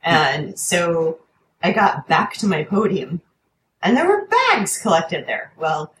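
A woman telling an animated anecdote in casual chat, swearing freely and acting out quoted lines in a higher voice. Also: takes it slowly, echoey room, a little hiss or hum, low-quality recording. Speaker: storyteller guest.

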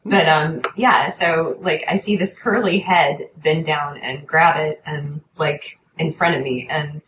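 A woman telling an animated anecdote in casual chat, swearing freely and acting out quoted lines in a higher voice. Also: takes it slowly, reverberant, slight background noise, rough recording. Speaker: storyteller guest.

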